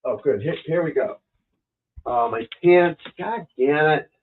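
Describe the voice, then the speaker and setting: A man's voice: fairly high pitch, animated, measured pace, a little hiss or hum. A man hosting a casual livestream as a golf instructor, muttering, cursing and grumbling at himself. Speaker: golf instructor and show host. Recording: tinny phone-like lo-fi stream audio.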